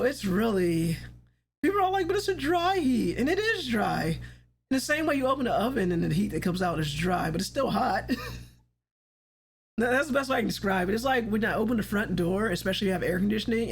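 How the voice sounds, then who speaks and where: A woman's voice: medium pitch, a little hiss or hum. A woman hosting a casual livestream chat, rambling along, laughing often and swearing casually. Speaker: livestream host.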